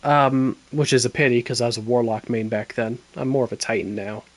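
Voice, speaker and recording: A man co-hosting a casual gaming chat, teasing his partner in quick banter. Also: medium pitch, steady tone, no room sound. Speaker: podcast co-host.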